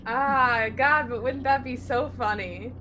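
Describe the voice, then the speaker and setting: A woman playing a tabletop game, excitable and laughing, with hesitant restarts. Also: high-pitched, slow, slight background noise. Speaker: player.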